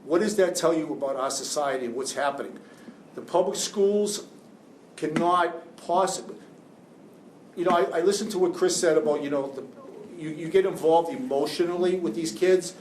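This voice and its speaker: A man's voice: fairly high pitch, normal speed, far from the mic. A middle-aged man, a defense lawyer speaking to law students, emotional and rambling with many restarts. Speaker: juvenile defense attorney, guest speaker. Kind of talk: classroom talk to law students. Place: classroom. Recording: echoey classroom with faint hiss.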